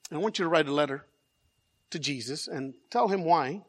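A man's voice: a little high, animated, brisk, in a large hall. A man voicing an exasperated mother of an unruly boy, scolding him in a lightly put-on voice.

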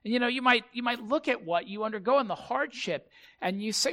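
A male pastor giving a sermon, telling a story in a halting way and repeating words. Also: very high-pitched, lively intonation, a bit bright.

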